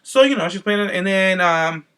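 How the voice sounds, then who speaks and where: Sassy, gossipy man with a bright voice. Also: high voice, animated, moderate pace, smooth. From Cape Verdean heritage. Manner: sassy, gossipy, swears freely, acts out voices of others. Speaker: podcast host recapping a reality show. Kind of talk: casual chat.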